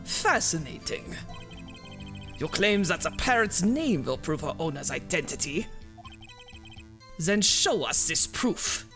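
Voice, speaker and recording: A man voicing an arrogant older male prosecutor in a game, with drawn-out sneering taunts. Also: a little high, sing-song, over music, pitched below the performer's own voice. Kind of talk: reading game dialogue aloud.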